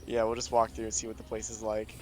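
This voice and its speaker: A man's voice: on the low side, monotone, quick pace, faint music behind. A man playing a tabletop role-playing game, laughing often and slipping into a posh lordly voice. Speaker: player. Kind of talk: tabletop role-play, switching between in-character and table talk.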